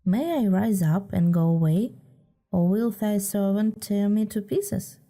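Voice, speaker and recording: A woman's voice: medium pitch, measured pace, dark tone, lightly acted. A woman reading aloud voices a frightened old village hunter, speaking humbly. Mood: fearful humble. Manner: fearful, humble.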